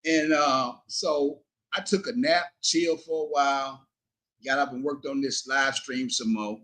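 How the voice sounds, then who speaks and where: A middle-aged man telling a story on his livestream, animated and indignant, cursing and quoting both sides of an argument. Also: medium pitch, unhurried. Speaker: livestream host.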